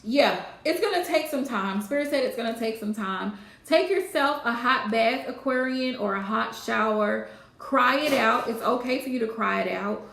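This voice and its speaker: A woman hosting a live tarot reading, calmly repeating gentle advice to her viewers. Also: fairly high pitch, moderate pace, creaky, reverberant. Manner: soothing, repetitive advice with Southern-style phrasing. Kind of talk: casual live-stream reading.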